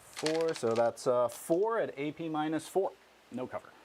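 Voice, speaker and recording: A man's voice: on the high side, expressive, unhurried, a little mellow, a little hiss or hum. A man casually playing a tabletop war game, counting dice aloud and laughing often.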